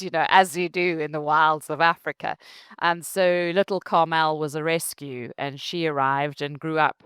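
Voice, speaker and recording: A middle-aged woman from Zimbabwe with a Zimbabwean accent, a company founder telling her story in an interview, animated and laughing often. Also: low voice, moderate pace, clear, resonant tone, no echo.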